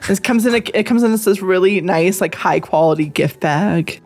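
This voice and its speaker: A woman co-hosting a casual podcast, playful and teasing, quick to laugh. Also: fairly low pitch, a little mellow. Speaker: podcast co-host. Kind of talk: casual chat.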